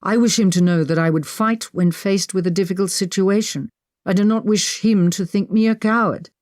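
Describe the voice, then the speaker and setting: A woman's voice: mid-range voice, steady tone, normal speed, darkish tone, no echo, clean studio sound, close to an everyday voice. A woman voicing a proud, stubborn duke who speaks curtly and firmly, in a period audiobook. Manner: curt, firm.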